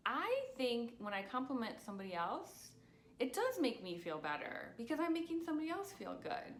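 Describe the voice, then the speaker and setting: A woman's voice: medium pitch, bright, forceful tone. Woman, 40s, casual vlogger, chatty and earnest, roomy echo, faint hiss. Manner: chatty, earnest, with many fillers. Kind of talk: casual talking-to-camera vlog. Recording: echoey room with faint noise.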